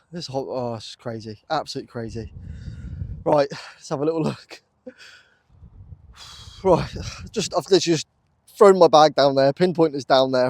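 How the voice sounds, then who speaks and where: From a muddy field in the UK, a man vlogs his metal detecting with breathless excitement, repeating his exclamations to viewers in wonder. His voice is medium in pitch and a little mellow, with no echo on the tripod camera's audio.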